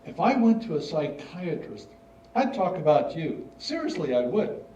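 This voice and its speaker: A man's voice: on the high side, very animated, normal speed, mellow, far from the mic, a little hiss or hum. An older man in a staged reading, playing an earnest, slightly formal schoolboy writing letters. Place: stage in a hall. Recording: dull, roomy hall recording from afar.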